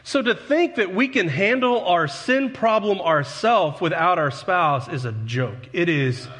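An unhurried, expressive pastor with a high, fairly bright voice delivers a sermon in a church sanctuary. He's earnest and talks conversationally, poking fun at himself in asides to his congregation. The recording has long hall reverb.

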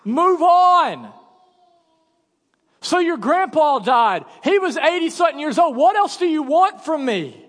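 A man's voice: very high-pitched, sing-song, a little slow, fairly bright tone, big-room sound, voice pushed up, exaggerated voice. A man voicing a falsely cheerful, dismissive man who brushes off grief, in a pushy, impatient way.

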